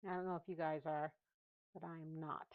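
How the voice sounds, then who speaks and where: A woman's voice: deep voice, flat delivery, fairly quick, narrow, tinny audio. A woman chatting casually while she paints, laughing often and talking to herself. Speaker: painting vlogger.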